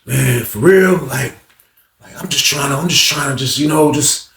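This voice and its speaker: A man's voice: medium pitch, gravelly, fairly bright tone, echoey room, far from the mic, slight background noise. A man voicing an eager adult male customer who rambles and stumbles over his words. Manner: halting, rambling, repeats himself.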